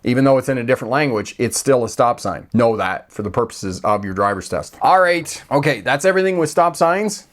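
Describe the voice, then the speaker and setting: A man's voice: medium pitch, expressive, fairly quick, hardly any pauses. A man from Canada, a driving instructor, giving a casual live-stream driving lesson with frequent check-ins. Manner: conversational, checks in with "okay?" and "all right?".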